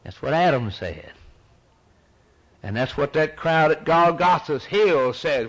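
A man preaching a sermon with dramatic delivery, swinging between loud outbursts and hushed tones and repeating phrases for emphasis. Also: a little high, expressive, slow, pauses often, rough recording.

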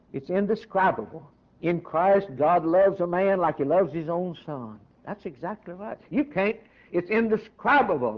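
A man preaching a fervent sermon, leaning hard on slow, stressed lines. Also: on the high side. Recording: dull lo-fi sermon recording.

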